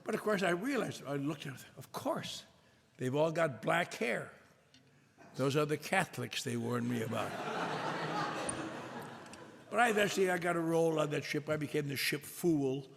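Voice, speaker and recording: An older man telling a self-mocking story to an audience at a recovery meeting, with a wry, drawn-out delivery. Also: a little high, lively intonation, creaky. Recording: echoey hall with faint noise.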